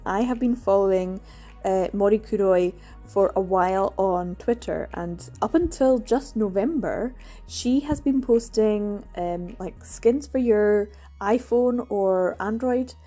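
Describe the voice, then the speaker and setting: Scottish woman, book vlogger, warm mellow tone, enthusiastic casual chat. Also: medium pitch. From Scotland. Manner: chatty and enthusiastic, laughs often.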